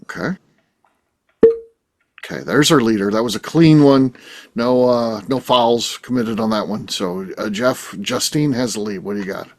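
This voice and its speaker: A man hosting a casual podcast who runs the segments and reacts quickly. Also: fairly low pitch, a little mellow. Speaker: podcast host.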